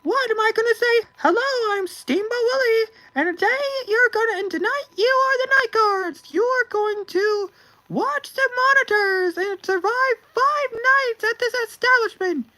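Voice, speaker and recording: A shrill wailing Steamboat Willie. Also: measured pace, pushed and bright, exaggerated voice, low-quality recording. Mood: anguished. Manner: wailing, melodramatic, near tears. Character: distraught squeaky cartoon mouse, male. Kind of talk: livestream rant in character.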